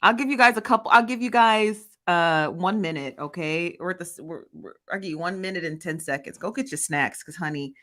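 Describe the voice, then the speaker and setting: A woman's voice: on the low side, brisk, few pauses, pushed and bright. A woman hosting a casual livestream, chattily greeting viewers by name and reading their comments aloud. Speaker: livestream host. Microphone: phone.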